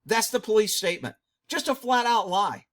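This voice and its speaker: A man's voice: high voice, sing-song, moderate pace, a bit bright. A middle-aged man, a former police dog handler, giving blunt, indignant commentary on a video.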